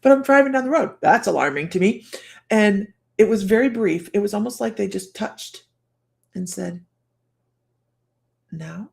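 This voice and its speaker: Gravelly-voiced chatty woman psychic. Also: mid-range voice, expressive, normal speed, darkish tone. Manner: chatty and rambling, often breaking into laughter; restarts and trails off while telling a story. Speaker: psychic host of a live stream. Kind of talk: casual personal storytelling on a livestream.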